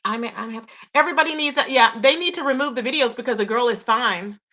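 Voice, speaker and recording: Woman, gossip livestream host, bright, fairly high voice, chatty, animated. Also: fast talker, highs cut off. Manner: chatty, animated, exclaims and reacts to chat. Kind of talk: casual gossip livestream, reading chat.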